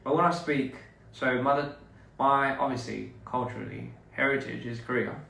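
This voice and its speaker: A man's voice: medium pitch, vocal fry. Man on a roomy, distant phone live. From Australia. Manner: relaxed, halting, many fillers and restarts. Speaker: livestream host. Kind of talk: casual livestream chat with viewers. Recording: roomy echo, distant mic, faint noise.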